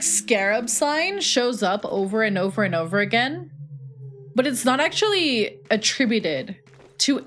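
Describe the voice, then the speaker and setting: A woman's voice: on the high side, fairly bright tone, a little hiss or hum. A young woman streaming a retro game, chatting casually, joking and answering chat. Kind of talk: casual live-stream chat while playing.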